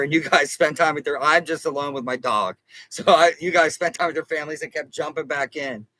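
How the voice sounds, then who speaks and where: Hosting a casual livestream from inside an RV, a consumer advocate talks earnestly to viewers, rambling and repeating or restarting phrases. His mid-range voice is bright and forceful, on a dry, poor-quality recording.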